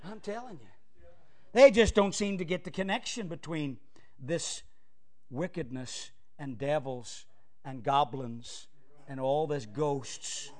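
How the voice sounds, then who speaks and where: A male pastor preaching a fiery sermon, swinging from loud cries to hushed asides. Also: fairly high pitch, takes it slowly.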